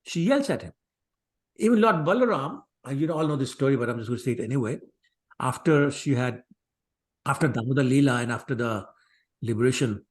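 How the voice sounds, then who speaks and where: A man gives a scripture class in a chatty, digressive manner. His pitch is middling for a man. He slips into the voices of the people in his stories. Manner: conversational, digressive, acts out quotes. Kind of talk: scripture class lecture with storytelling.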